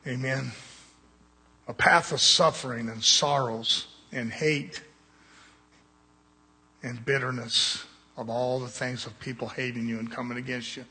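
A man's voice: medium pitch, steady tone, a little slow, long pauses, bright, forceful tone, husky, big-room sound. A man preaching a sermon, with blunt, conversational jabs at his congregation.

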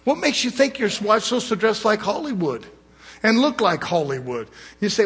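A middle-aged man preaching a fiery sermon with a husky, somewhat high voice. He talks bluntly and folksily, calling for amens and pushing his points hard. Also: normal speed, fairly bright tone. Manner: folksy, blunt, call-and-response.

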